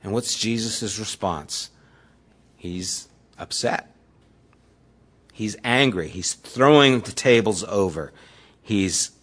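A man's voice: lowish voice, pushed and bright. A man preaching a sermon as the pastor, retelling scripture in everyday, conversational words.

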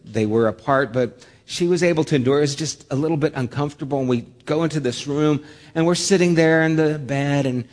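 Guy giving a sermon, funny story bits then goes real quiet and low, hall echo. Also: a little fast. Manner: animated storytelling with humor; drops to a soft low voice for solemn points. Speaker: pastor.

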